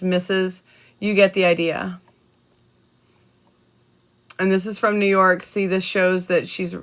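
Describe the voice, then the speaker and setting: A woman hosting a casual livestream, reading letters aloud in a chatty, halting way with many ums and restarts. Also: mid-range voice, sharp tone. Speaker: livestream host reading documents.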